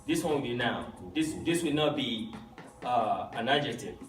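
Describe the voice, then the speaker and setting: A man teaching a Yoruba class, quizzing his students in an animated way and swooping up on key words. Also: mid-range voice, normal speed. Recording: echoey room, distant mic, faint music.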